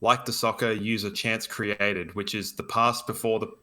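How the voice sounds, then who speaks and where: Forceful opinionated man. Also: fairly low pitch, fairly even intonation, normal speed. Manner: emphatic and opinionated. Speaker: podcast co-host. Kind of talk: casual sports podcast chat.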